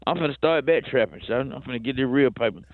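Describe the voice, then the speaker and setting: A man's voice: quick pace, no room sound, phone-quality sound, natural voice. A man voicing a brash streetwise hustler, rambling in slang. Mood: hyped. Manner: slangy, rambling, boastful sales pitch. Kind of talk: radio prank-character comedy bit.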